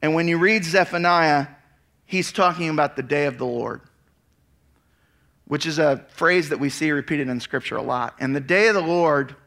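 A man preaching, reading a passage and then telling it back in a loose, conversational way. His voice sits a bit high and rings bright and forceful. He moves easily between scripture and relaxed asides. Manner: animated storytelling with casual asides; reads scripture aloud, then explains it. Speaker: pastor. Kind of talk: expository sermon.

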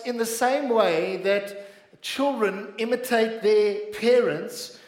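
A South African man with a fairly high voice preaches a sermon, earnest and direct, and keeps calling for responses from the room. The sound carries the echo of a church hall. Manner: earnest preaching, calls out to the congregation. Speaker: pastor.

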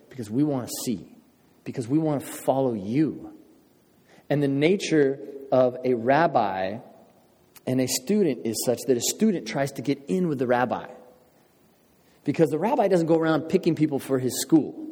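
A man's voice: mid-range voice, dark tone, slightly rough, in a large hall. A man preaching a sermon in a conversational way, asking his listeners questions. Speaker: pastor.

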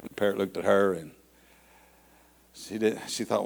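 A man's voice: on the low side, fairly even intonation, fairly quick, gravelly, long pauses, darkish tone. A man preaching an evening church service, telling a folksy joke story with chuckles before reading scripture. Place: church sanctuary. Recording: long hall reverb.

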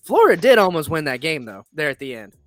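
A young man chats casually as a podcast host, blunt and full of swearing as he rambles. His voice sits a little high. It is recorded close and dry, with faint music behind. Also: huge pitch swings, quick pace, no room sound. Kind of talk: casual sports chat.

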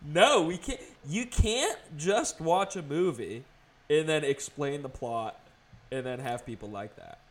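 Male podcast co-host, animated delivery, dry and blunt humor. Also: on the high side, a little slow. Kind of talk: casual comedic chat.

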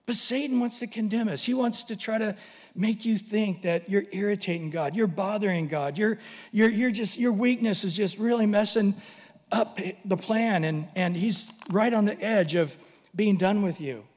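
A man's voice: sits high, moderate pace, darkish tone, big-room sound. A man preaching a sermon, telling a story animatedly and acting out voices.

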